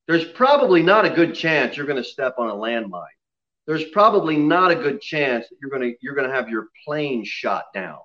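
A man preaching an expository sermon in a church, dropping low and quiet on solemn lines and rising loud on emphasis. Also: very animated, normal speed, dull audio. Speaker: pastor. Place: church sanctuary.

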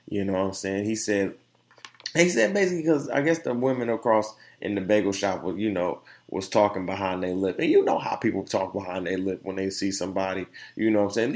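A young man hosting a podcast, telling a story in a casual, animated opinion monologue full of slang and laughter. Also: on the low side. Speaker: podcast host.

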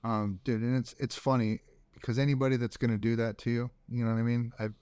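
A man's voice: mid-range voice, little pitch movement, quick pace, darkish tone, smooth, no echo. A man hosting a podcast in a laid-back, affirming way, with casual swearing. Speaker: podcast host.

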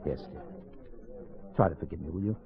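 1940s radio play: a courteous wealthy charmer with a lowish voice, on a dull, muffled old recording. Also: male voice, fairly quick, creaky, slight background noise. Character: charming wealthy man suspected of murder. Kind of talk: 1940s radio drama acting.

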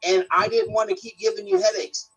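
A man's voice: very high-pitched, sing-song, fairly quick, vocal fry, fairly bright tone, a little hiss or hum, low-quality recording. A man in his fifties calling in, hurt and defensive, arguing back with heavy swearing. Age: 50s. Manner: emotional, defensive, cursing. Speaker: caller. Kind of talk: heated on-air argument.

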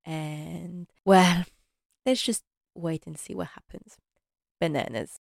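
A woman's voice: on the low side, slow, creaky, darkish tone, no room sound, studio quality. A woman chatting casually through an episode recap, laughing often and acting out the characters' lines. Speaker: series recap vlogger.

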